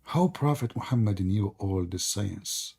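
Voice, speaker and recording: A man hosting a live debate call, mocking and sarcastic, laughing often and hoarse from talking for hours. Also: fairly low pitch, lively intonation, unhurried, darkish tone. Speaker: debate stream host.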